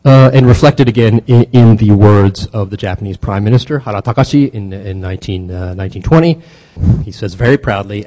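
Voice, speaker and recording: A man giving a history lecture in a conversational way, halting often with fillers and restarts, then pressing key points with emphasis. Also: fairly low pitch, darkish tone, low-quality recording. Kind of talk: academic lecture.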